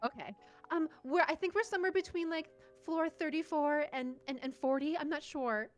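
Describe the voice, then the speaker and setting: A woman plays a character in a tabletop role-playing game. Her voice is high, and she stammers and fumbles in a flustered way. Faint music runs in the background. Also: normal speed. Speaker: player. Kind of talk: tabletop role-play as a player.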